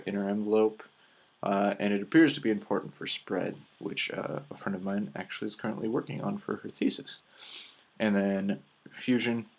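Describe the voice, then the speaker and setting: A man's voice: fairly low pitch, gravelly, husky. A young man with a Minnesota accent giving a casual science lecture over slides, explaining loosely with plenty of filler words. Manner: relaxed, filler-heavy explaining with frequent "uh"s.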